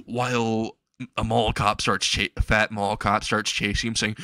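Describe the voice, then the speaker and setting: A man's voice: lowish voice, level tone, moderate pace, sharp tone, no room sound. A man narrating a fan-made story in a casual, rambling way, chuckling at his own jokes.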